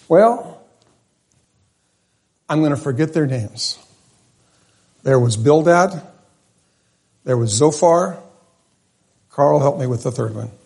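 Middle-aged male preacher, husky and a touch high, chatty storytelling sermon. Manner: conversational storytelling preacher, self-correcting, animated.

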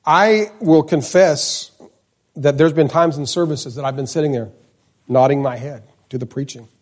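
Male preacher, fifties, earnest and chatty, slightly high voice, church sermon. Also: normal speed, darkish tone. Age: 50s. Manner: earnest, conversational, repeats names for emphasis. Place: church, in front of the pulpit.

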